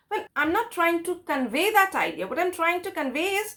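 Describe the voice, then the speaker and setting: A woman's voice: extremely high pitch, very animated, moderate pace, hardly any pauses, fairly bright tone. A woman teaching an English grammar lesson, patiently explaining step by step with examples and stressing key words.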